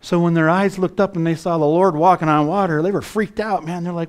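Middle-aged male pastor, slightly high voice, fervent preaching with rhetorical questions. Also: a little fast, hardly any pauses. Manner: preaching with rising fervor, rhetorical questions to the congregation. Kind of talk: sermon.

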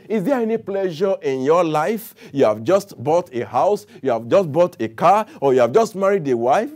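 A man preaching a sermon, calling on the congregation to answer and repeat after him. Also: on the high side. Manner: animated preaching with audience call-and-response.

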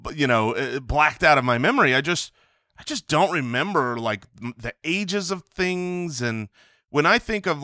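Rambling self-mocking podcast man, bright. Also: on the high side, lively intonation, moderate pace, no echo, clean studio sound. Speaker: podcast co-host. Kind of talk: casual comedic banter.

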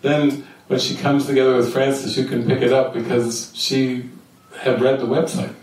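An older man speaks to a retreat group, telling a story and quoting the people in it. His voice is mid-pitched and heard from a distance. A very echoey hall rings around every word, with faint room noise behind. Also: level tone, moderate pace, a little mellow. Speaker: spiritual teacher. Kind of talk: retreat talk. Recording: echoey room, mic far off.

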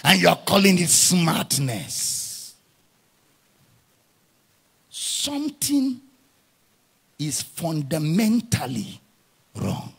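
A man preaching a sermon with a very raspy, gravelly voice, often breaking into shouts. His pitch sits high and swings widely from phrase to phrase. He draws words out slowly for emphasis, and his tone is bright and forceful. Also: wildly swooping pitch. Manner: impassioned preaching with frequent shouted lines. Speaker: pastor.

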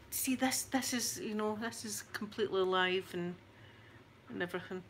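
A woman's voice: mid-range voice, unhurried, bright, forceful tone, a little hiss or hum. A woman in her forties with a thick Scottish accent, chatting to her camera in a rambling, self-mocking way. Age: 40s. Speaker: YouTuber.

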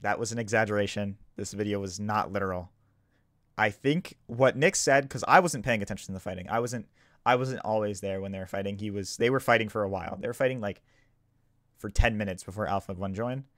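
Freshly awake, this gaming YouTuber defends himself in a casual commentary, tripping over his words, repeating and starting over. His lowish voice runs a little fast, recorded with clean studio sound and no room echo.

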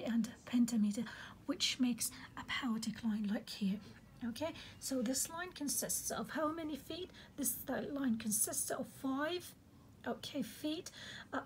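High-voiced woman teaching a lesson. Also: a little mellow, a little hiss or hum, poor audio. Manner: patient, repeats key terms, peppered with "okay"; corrects herself mid-sentence. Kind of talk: lecture on poetry.

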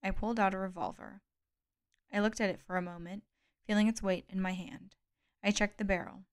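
A woman narrates a novel as an audiobook in a steady, measured way. Her voice is smooth and clear, set at an ordinary middle pitch. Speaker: audiobook reader.

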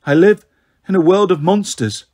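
A man reading aloud as a shaken middle-aged father who stumbles over his words, in a husky voice. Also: sits high, moderate pace, darkish tone.

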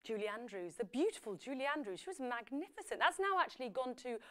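A woman's voice: on the high side, animated, fast talker, fairly bright tone. A young woman hosting a live quiz on an app, chatty and playful, reading out the answer splits and breaking into bits of songs. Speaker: quiz show host.

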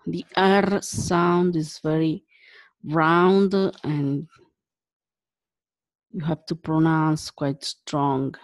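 A woman with an Italian accent teaching syllable pronunciation, saying each syllable slowly and repeating it. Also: low voice, fairly even intonation, lo-fi sound. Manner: slow and deliberate, repeating syllables for the learner. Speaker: language teacher. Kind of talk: slow pronunciation drill.

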